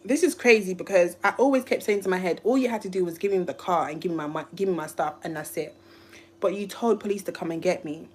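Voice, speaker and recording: A woman's voice: lowish voice, fast talker, darkish tone. A woman from the UK, a YouTuber, telling a rambling, emotional story on a live stream. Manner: emotional, rambling, restarts often. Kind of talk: casual livestream storytelling.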